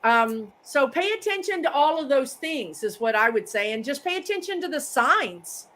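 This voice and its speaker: High-voiced woman, psychic medium guest. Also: moderate pace. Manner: explains with everyday examples, lively quoted phrases. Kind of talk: casual live chat.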